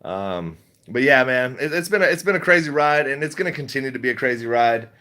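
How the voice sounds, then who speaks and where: A man's voice: mid-range voice, animated, fairly quick, pushed and bright. A middle-aged man chatting casually on a livestream, reading chat, rambling and laughing often.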